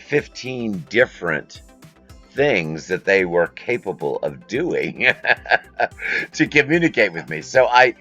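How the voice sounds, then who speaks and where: A man's voice: deep voice, fairly bright tone. A man hosting a casual live stream from his home, rambling through business talk and breaking off to scold his dogs. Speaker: host. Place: home room with a curtain backdrop.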